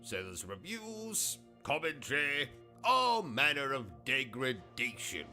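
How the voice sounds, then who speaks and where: A man with a British accent hosting a gaming livestream, delivering pompous, insulting, deadpan absurd comedy. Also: medium pitch, slow pace, soft background music. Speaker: gaming streamer host. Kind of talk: comedic in-character livestream monologue.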